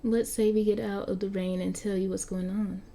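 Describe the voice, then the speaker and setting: A woman's voice: medium pitch, little pitch movement, moderate pace, mellow, slight background noise, natural voice. A woman voicing a playful androgynous young vampire who sounds friendly but hides a threat, speaking in a light, teasing, casual way.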